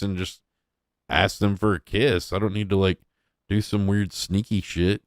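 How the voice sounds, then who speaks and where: A man's voice: on the low side, flat delivery, measured pace, dry recording, clean studio sound. A young man giving casual, crude and mocking reaction commentary as a streamer.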